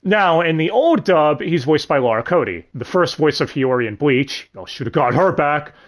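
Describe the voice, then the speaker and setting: A man's voice: fairly high pitch, animated, normal speed. A young man hosting a livestream, rambling casually about dubs, swearing and correcting himself as he goes. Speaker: stream host.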